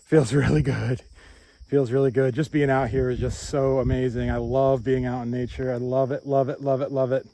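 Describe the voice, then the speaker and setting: A hiking vlogger from New Hampshire, USA, films himself on a handheld phone along hilly rural roads and hilltops. He's upbeat and chatty, repeats himself and laughs often, getting out of breath on the uphill stretches. His mid-range voice has a dark tone, little pitch movement and normal speed.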